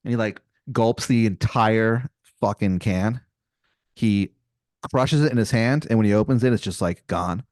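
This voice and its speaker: A man's voice: lowish voice, a little slow, a little mellow, no room sound, clean studio sound. A man improvising a comedy story on a podcast, casual and profane, rambling with fillers. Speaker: podcast co-host.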